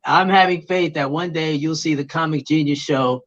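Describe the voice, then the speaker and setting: A man's voice: normal speed, crowd noise. A man, a comedian guest, chatting casually on a podcast with plenty of fillers. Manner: relaxed, with fillers, booming announcer bits. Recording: muffled lo-fi audio.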